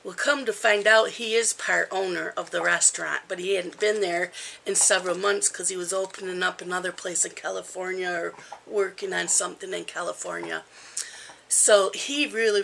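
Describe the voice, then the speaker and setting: A woman's voice: medium pitch, gravelly, sharp tone, a little hiss or hum. A woman in her fifties chatting casually at home in a rambling vlog, with frequent ums. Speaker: crafting vlogger.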